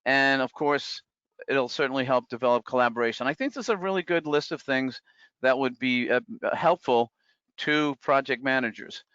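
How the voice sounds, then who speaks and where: A man's voice: mid-range voice, moderate pace, a bit bright, smooth, no echo, highs cut off. A man presenting a live online talk, speaking conversationally with many fillers and restarts, and reading out comments from the chat. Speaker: webinar presenter.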